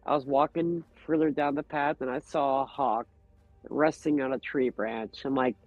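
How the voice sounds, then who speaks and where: A man's voice: fairly high pitch, steady tone, moderate pace, dry recording, soft background music. Earnest reflective man, lo-fi sound. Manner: earnest, reflective, open about feelings. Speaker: podcast guest. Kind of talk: casual conversation. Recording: dull, lo-fi podcast audio.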